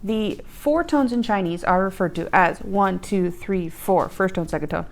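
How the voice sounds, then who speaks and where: A woman's voice: mid-range voice, moderate pace, creaky. Chatty woman explaining a language lesson. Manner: chatty, with fillers, glances at notes. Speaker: host and language learner.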